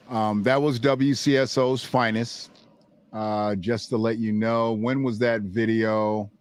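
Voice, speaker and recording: A man's voice: mid-range voice, no room sound. A man hosting a livestream, speaking casually and unhurriedly, with frequent "um"s and self-corrections. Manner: unhurried, with many fillers and restarts. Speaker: livestream host.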